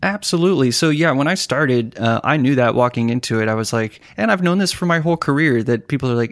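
A man talking as a guest in a conversational interview, animated and acting out what other people say. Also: medium pitch, fast talker, hardly any pauses, dry recording, studio quality. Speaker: podcast guest, web developer.

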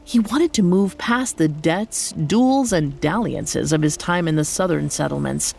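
A woman narrating a scripted horror story in a measured, deliberate way. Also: low-pitched, creaky, a little mellow. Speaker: podcast storyteller.

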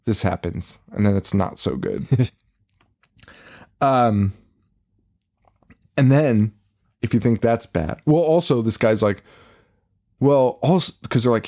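Unhurried and pausing often, a medium-pitched male co-host casually recounts a movie on a podcast. He swears freely and laughs as he retells it with animation.

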